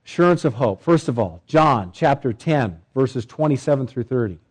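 A male pastor delivering a sermon, emphatic, with swelling pitch and repeated phrases. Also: lively intonation, normal speed, husky, poor audio.

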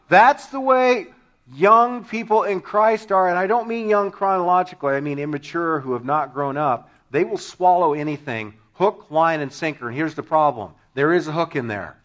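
A high-pitched man preaching a lively sermon in a church. He tells funny stories and bursts into shouted punchlines, laughing along with the congregation. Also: normal speed. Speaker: pastor.

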